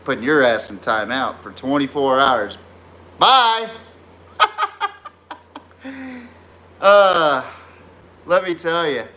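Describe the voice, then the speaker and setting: A man hosts a live sports podcast in a heated, profane rant. He trash-talks viewers in the chat, chuckling at his own insults. His voice is high and bright, rising and falling a lot while the overall pace stays unhurried. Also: big pitch swings. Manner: laughs at his own jabs. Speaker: podcast host.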